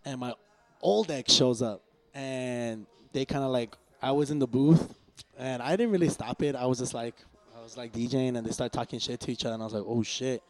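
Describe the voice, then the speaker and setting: A man's voice: mid-range voice, a little mellow. Laid-back swearing young man telling stories. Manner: slangy, swears a lot, laid-back storytelling. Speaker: podcast co-host and DJ. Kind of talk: casual podcast banter.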